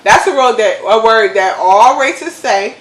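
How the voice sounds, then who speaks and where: Animated woman in her thirties, laughing. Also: a little high, unhurried, roomy sound, rough recording. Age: 30s. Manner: animated, laughing, repeats words to test them. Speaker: mother and channel host. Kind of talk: casual chat.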